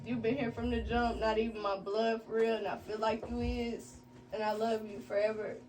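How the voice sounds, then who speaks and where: A woman's voice: fairly high pitch, level tone, normal speed, a little mellow. Emotional woman thanking friends from afar. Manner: heartfelt, tearful, laughing between words. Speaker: artist hosting her listening event. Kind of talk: emotional thank-you speech. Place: recording studio with a gathered crowd. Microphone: far from the mic. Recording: distant room mic with music behind.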